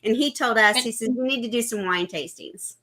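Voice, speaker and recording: Bright, chatty woman telling stories. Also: a little high, a little fast. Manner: chatty storyteller. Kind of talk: casual chat.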